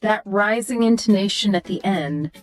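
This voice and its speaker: A woman's voice: medium pitch, moderate pace, soft background music. A woman co-hosting an educational podcast, explaining and demonstrating example sentences. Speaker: podcast co-host explaining intonation. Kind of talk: scripted educational podcast chat.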